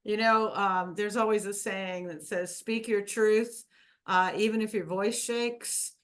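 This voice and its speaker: A woman's voice: mid-range voice, fairly even intonation, a little slow. A woman hosting a wellness workshop, teaching a group in a chatty, meandering way. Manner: chatty, meandering, with fillers and laughs.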